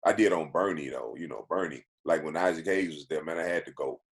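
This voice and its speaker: A man from Texas, a guest on a podcast, telling stories casually in an animated way, repeating phrases for emphasis. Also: a bass voice, fast. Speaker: podcast guest, actor and former football player. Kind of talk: casual storytelling.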